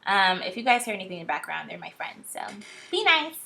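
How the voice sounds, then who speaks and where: Fast-talking, with a medium-pitched, creaky voice, this tarot reader gives a blunt, talkative, animated vlog-style reading, frequently exasperated and occasionally cursing.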